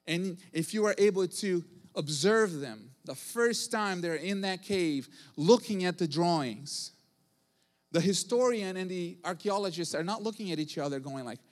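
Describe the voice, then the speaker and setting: A male pastor preaching a sermon, emphatic, repeating phrases and building to loud bursts. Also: a little high. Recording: long hall reverb.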